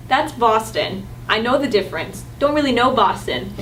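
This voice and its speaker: Young woman, playful, accent demo, high voice, distant mic. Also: expressive, moderate pace, a bit bright, slight background noise. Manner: playful, hopping between put-on accents. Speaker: acting student. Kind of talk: accent showcase for an audition reel.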